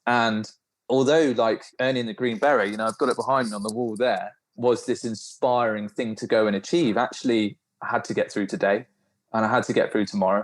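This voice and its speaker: A man, a podcast guest, telling animated, informal stories from his own experience. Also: mid-range voice. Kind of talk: storytelling in a podcast interview.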